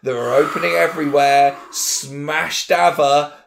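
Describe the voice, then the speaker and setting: Podcast co-host, a man with a low voice, chatty and animated, swears freely. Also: normal speed, a little hiss or hum. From Ireland. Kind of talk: casual chat and history storytelling.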